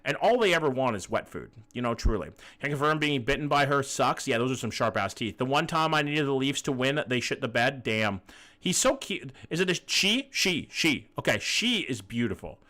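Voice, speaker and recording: With a sharp, mid-range voice that swings widely in pitch, a male streamer chats at a moderate pace about viewers' pet photos. The banter is loose, jokey and profane, and faint music plays underneath.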